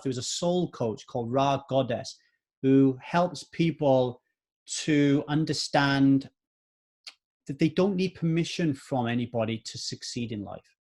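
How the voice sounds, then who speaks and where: A man's voice: mid-range voice, darkish tone. A man in his forties hosting a solo motivational podcast, earnest and repeating points for emphasis. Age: 40s. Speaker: podcast host.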